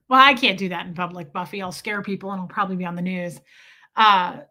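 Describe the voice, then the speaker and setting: A young woman hosting a live stream, chatting casually and reading out viewers' names in an animated, chatty way. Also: medium pitch, a little fast. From Midwest US. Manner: chatty, animated, reads chat names aloud. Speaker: livestream host.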